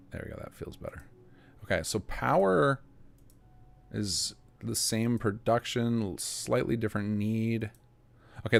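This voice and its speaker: A game mod developer streams live while working, thinking aloud and muttering to himself as he checks numbers. His fairly low voice is creaky, and the recording is dry.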